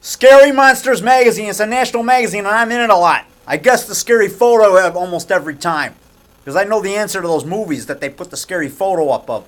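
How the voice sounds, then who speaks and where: A man's voice: high voice, fast, fairly bright tone. A man who makes horror movies, rambling in a casual vlog from a small framing shop, promoting himself and repeating himself like a showman. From Chicago area. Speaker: horror movie maker and actor.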